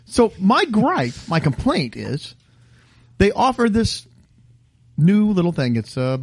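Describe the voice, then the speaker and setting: Animated man ranting. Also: high voice, takes it slowly, no room sound. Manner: animated ranting, mock outrage. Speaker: podcast co-host. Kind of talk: casual chat.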